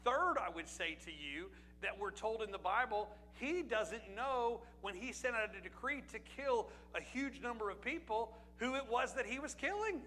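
A man's voice: high voice, expressive, moderate pace, hardly any pauses, bright, forceful tone, a little hiss or hum, low-quality recording. A man from Pennsylvania preaching a sermon as pastor, in a conversational way with rhetorical questions and asides to the congregation.

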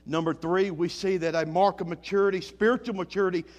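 A man preaching a sermon and reading scripture aloud, moving between loud emphatic lines and low quiet ones. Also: fairly even intonation, quick pace, highs cut off. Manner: reads scripture in old-fashioned wording.

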